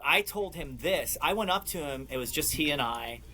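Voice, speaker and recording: A man guesting on a podcast, telling stories in an animated, excitable way and laughing often. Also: fairly high pitch, moderate pace, background noise. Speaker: podcast guest, clothing brand owner. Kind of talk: casual storytelling chat.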